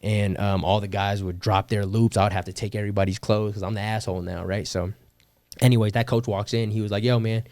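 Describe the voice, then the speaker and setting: A man's voice: fairly low pitch, flat delivery, quick pace, a little mellow, no echo. Podcast guest, young man from California, slangy and profane storyteller, dry close sound. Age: young adult. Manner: slangy, swears, laughs often, quotes people. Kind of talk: casual storytelling.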